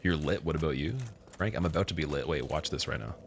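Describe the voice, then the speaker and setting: A man's voice: a bass voice, fast talker, background noise. A young man with a Canadian accent, chatting loosely on a gaming live stream, rambling with lots of fillers. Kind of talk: casual live-stream chat.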